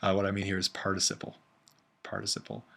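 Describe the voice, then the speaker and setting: Low-voiced man lecturing, self-correcting. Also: monotone, fast talker, vocal fry, a bit bright. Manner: thinks aloud, self-correcting, many fillers. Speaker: Greek instructor. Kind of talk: casual recorded lecture.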